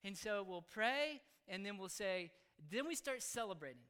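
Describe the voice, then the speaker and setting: A man explaining how he raises his children, speaking earnestly in halting phrases. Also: sits high, animated, pushed and bright, a little hiss or hum. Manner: earnest, halting, with frequent restarts. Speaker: father explaining his parenting. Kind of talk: casual spoken explanation.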